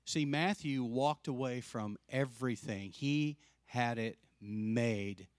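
A man preaching a sermon as pastor, telling a story with lively acted-out quotes and dropping soft and slow to drive points home. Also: mid-range voice, no echo, clean studio sound. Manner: animated storyteller, acts out quoted voices; drops soft and slow for emphasis.

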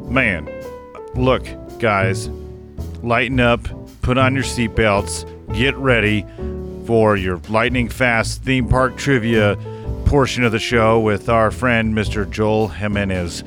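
A man's voice: fairly low pitch, fairly even intonation, slow, over music. A man hosting a comedy podcast in a loose, slangy way, reading out joke quiz questions with playful emphasis. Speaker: podcast host.

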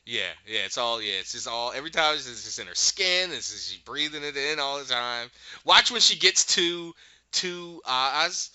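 Animated man retelling a show. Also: medium pitch, moderate pace, smooth, highs cut off. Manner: animated retelling, acting out characters' lines. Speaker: podcast host recapping a show. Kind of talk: casual recap chat.

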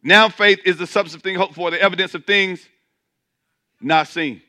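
Man, pastor, sermon, emphatic preaching, very bright piercing tone, high voice. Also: fairly even intonation. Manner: emphatic preaching with rapid repeated restarts; calls out to the congregation.

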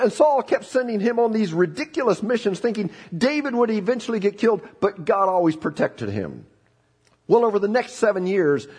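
A middle-aged man preaching a sermon, telling the story in an animated way with frequent restarts. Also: high voice, slightly rough. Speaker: pastor.

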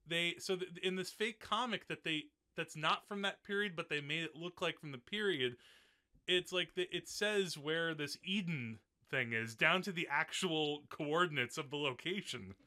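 A man's voice: fairly high pitch, moderate pace, sharp tone. A male podcast host in a casual film discussion, talking in a chatty way with many fillers and frequent laughs.

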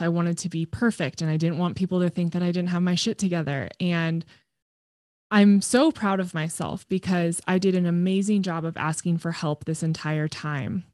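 A woman guest telling her story in a candid, conversational way, frank and expressive and swearing freely. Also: lowish voice, dry recording, clean studio sound. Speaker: podcast guest.

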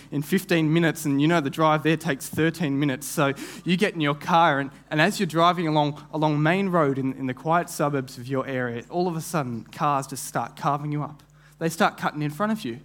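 A man's voice: on the high side, fairly bright tone. A young man preaching a sermon, telling a vivid story with frequent restarts and repeated words. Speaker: guest preacher.

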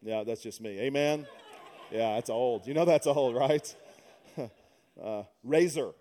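A man's voice: mid-range voice, takes it slowly, dark tone. A middle-aged man preaching a sermon, mixing humorous conversational stories with emphatic preaching. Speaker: pastor.

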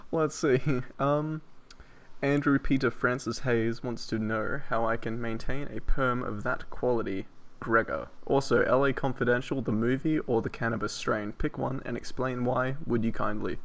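Tipsy gravelly-voiced male podcast host. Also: medium pitch, fairly even intonation, moderate pace. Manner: crude, giggly, rambling with fillers. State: tipsy from wine. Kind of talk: late-night casual podcast chat.

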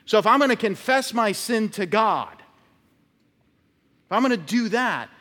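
Lively-voiced pastor preaching in a reverberant church. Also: male voice, high-pitched, unhurried. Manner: conversational preaching with illustrations and acted-out quotes. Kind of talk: sermon. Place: church sanctuary.

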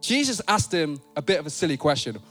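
A man delivers a sermon in a playful, conversational way, his fairly high voice leaping up and down with animation. He speaks to his church with a lively, joking energy. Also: quick pace, faint music behind. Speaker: preacher. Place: church sanctuary.

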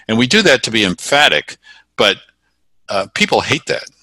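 A man, a communication expert, explaining body-language tips in an interview, measured and full of fillers and restarts. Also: mid-range voice, very animated, pushed and bright, no room sound.

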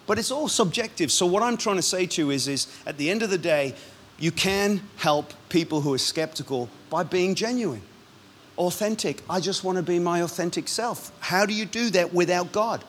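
High-voiced man preaching a lively sermon. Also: a little hiss or hum. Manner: lively, punchy preaching with quick asides and laughs. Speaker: pastor.

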